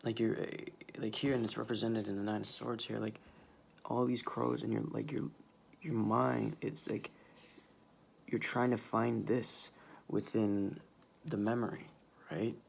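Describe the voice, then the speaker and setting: Gravelly low-voiced man reading tarot. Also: flat delivery, slight background noise. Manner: halting, emotional, many restarts and sighs. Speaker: tarot reader. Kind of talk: casual tarot reading to camera.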